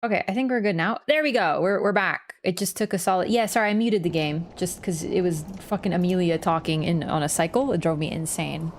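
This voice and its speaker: A woman with a lowish voice streams a video game, chatting casually with viewers a little fast and with few pauses. She's apologetic and swears now and then, and there's a slight hiss or hum in the audio.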